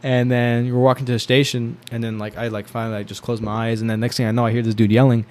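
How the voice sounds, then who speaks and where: Fast-talking young man telling a story. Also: medium pitch, level tone, darkish tone. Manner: rambling, heavy use of filler words; laughs often while telling. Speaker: storyteller guest. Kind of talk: casual storytelling chat.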